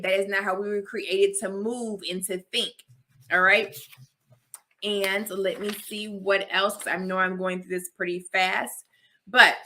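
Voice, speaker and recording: A woman's voice: mid-range voice, bright, forceful tone. A young adult woman, a host and life coach, talking straight to her viewers in an emphatic, repetitive, personal and preachy way. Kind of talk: direct-to-camera talk to viewers.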